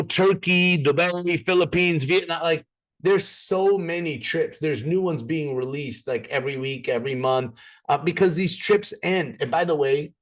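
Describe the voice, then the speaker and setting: A man presents an opportunity to a live group in an upbeat, persuasive sales style. His voice sits slightly higher than most men's. He addresses the room directly and keeps the pitch moving.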